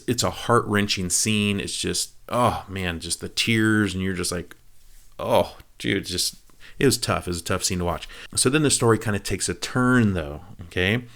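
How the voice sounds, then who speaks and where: Low-voiced male vlogger recapping a film plot, animated and chatty. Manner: animated storytelling, quick asides to the viewer, acts out quoted lines. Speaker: movie review vlogger. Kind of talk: casual retelling of a film plot.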